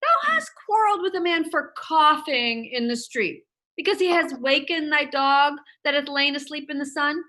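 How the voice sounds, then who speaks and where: A woman playing Mercutio in a Shakespeare reading, delivering the verse in an animated, mocking way. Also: high-pitched, normal speed. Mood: teasing. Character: witty, quarrel-mocking young male Mercutio. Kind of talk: Shakespeare reading over a video call.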